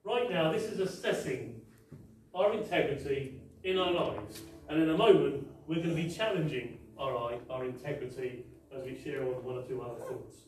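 A man's voice: mid-range voice, normal speed, a little mellow, a little hiss or hum. A man preaching a sermon, emphatic, with repeated rhetorical questions, in a large church hall. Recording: very echoey hall, mic far off.

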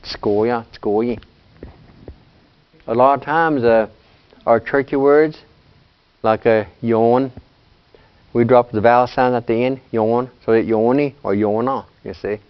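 A man's voice: medium pitch, steady tone, measured pace, smooth. An older man teaching a casual language lesson, patient and plain-spoken, often checking in with "you see". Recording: dull lo-fi sound.

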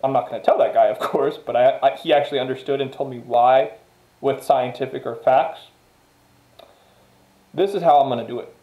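A man's voice: medium pitch, normal speed, pauses often, lo-fi sound. A man giving a casual motivational monologue straight to viewers, emphatic and repetitive, swearing freely. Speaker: motivational vlogger. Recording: echoey room.

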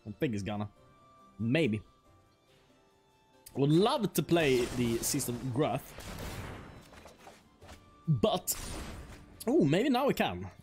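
A man's voice: a little high, darkish tone. A man streaming a card game, chatting casually and joking as he plays. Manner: playful, joking, laughs often, mock-French asides. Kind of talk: casual gameplay commentary.

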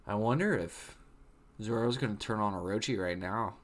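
A young man gives loose, casual live commentary on a comic chapter for a reaction video, saying "like" constantly. His voice is fairly low in pitch and moves at a moderate pace.

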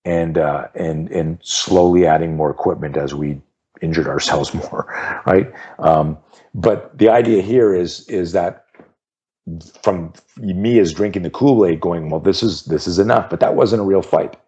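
Self-defense instructor, man in his 50s, very low voice, animated and emphatic interview storyteller. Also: measured pace, slightly rough, highs cut off. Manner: animated storyteller who acts out the voices of people in his anecdotes; emphatic, repeats key phrases for effect.

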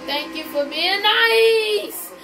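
A woman giving casual, excitable commentary as she plays a racing game, gasping and shrieking at near misses. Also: very high-pitched, very slow, far from the mic, noisy background. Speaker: gamer. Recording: game music playing underneath.

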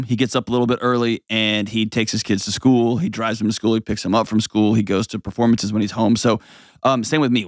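On an advice show recorded in a clean studio with no room sound, a man with a lowish voice talks bluntly and animatedly. He casually dishes out advice, slipping into mocking voices mid-sentence.

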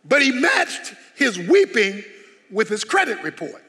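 A man's voice: very high voice, very animated, a little slow, pushed and bright, slightly rough. A man preaching a sermon as pastor, emphatic and full of rhetorical questions. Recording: long hall reverb.

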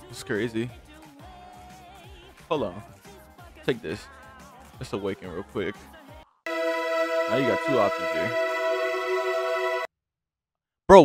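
A man's voice: lowish voice, a bit bright. A young man giving casual gameplay commentary, trash-talking his opponent and swinging from grumbling to hype. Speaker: gaming channel host. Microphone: desk mic with game audio.

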